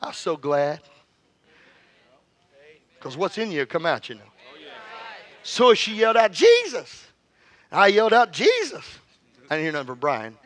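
A man's voice: high-pitched, fairly bright tone. A middle-aged male pastor preaching a fervent sermon with call-and-response, telling stories and joking with the congregation.

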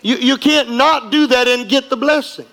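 In a church sanctuary with long hall reverb, a pastor preaches emphatically and repetitively, leading the congregation in call-and-response. His very high voice is gravelly, pushed, and bright, at a moderate pace.

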